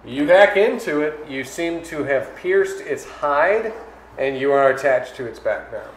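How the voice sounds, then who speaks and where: A man's voice: a little high, expressive, unhurried. A man running a tabletop game as game master, narrating scenes vividly with the odd filler. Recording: echoey room, faint noise.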